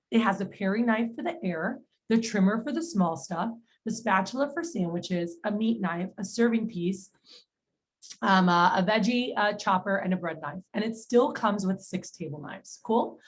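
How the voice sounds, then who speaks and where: A sales manager gives a training talk in a chatty, storytelling way, recounting phone calls and quoting what was said. Her voice is medium-pitched, and the recording quality is poor.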